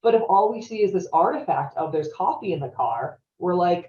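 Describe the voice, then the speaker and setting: A woman's voice: fairly low pitch, lively intonation, fairly quick, hardly any pauses, dark tone, slight background noise. A woman presenting a training webinar in a conversational way, often checking in with "right?". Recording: roomy, distant, dull-sounding audio.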